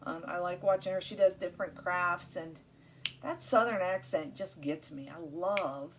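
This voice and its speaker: A woman's voice: fairly low pitch, unhurried, background noise. A woman hosting her crafting channel, chatting casually while she works, rambling and friendly with many fillers.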